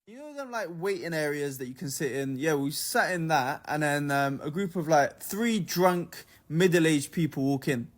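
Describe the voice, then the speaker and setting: A man in his twenties with a London accent, telling a story to camera in an animated, slangy way. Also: on the high side, moderate pace, few pauses. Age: 20s. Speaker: vlogger. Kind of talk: storytime vlog.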